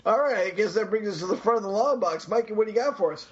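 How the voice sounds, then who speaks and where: A man hosts a casual comic-book podcast, joking and rambling. His voice sits high and sounds husky. The recording is dull and lo-fi. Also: lively intonation, fast talker. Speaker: podcast host. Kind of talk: casual chat.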